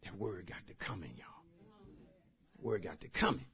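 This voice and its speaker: A man's voice: deep voice, expressive, normal speed, fairly bright tone. A middle-aged man, a pastor preaching a sermon with personal testimony. He talks fervently and repeats himself, addressing the congregation directly.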